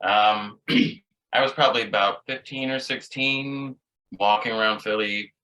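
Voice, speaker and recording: A man telling a story in a casual band chat, hesitant, clearing his throat between thoughts. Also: lowish voice, fairly even intonation, unhurried, sharp tone, low-quality recording. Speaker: band member.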